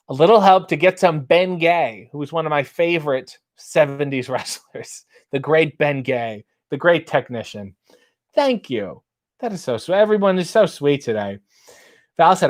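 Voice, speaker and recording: A middle-aged man hosting a casual live stream, reading out viewer comments and bawdy limericks with a playful sing-song lift. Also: on the high side. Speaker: host.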